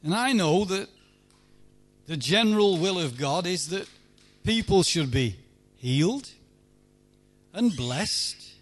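A man preaching a sermon at a church meeting, emphatic, swinging between loud pleading and hushed lines. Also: high-pitched, expressive, takes it slowly.

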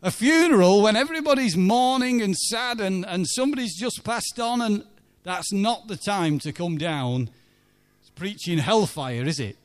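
A man's voice: high-pitched, animated, moderate pace. A church minister telling a chatty story in a sermon and asking his listeners for agreement. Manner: chatty, anecdotal, asks the congregation for agreement.

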